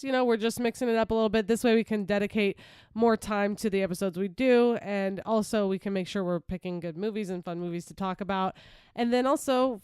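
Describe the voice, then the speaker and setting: Woman co-host, casual rambling podcast chat, smooth clear voice, dry close mic. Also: fairly high pitch, a little mellow, no room sound. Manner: chatty, rambling, filler-heavy.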